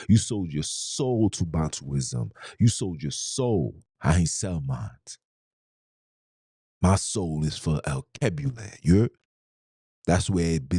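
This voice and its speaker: A podcast host with a low, warm voice delivers an impassioned, preachy monologue, firing off rhetorical questions and streetwise slang. The audio is studio quality, with no room sound.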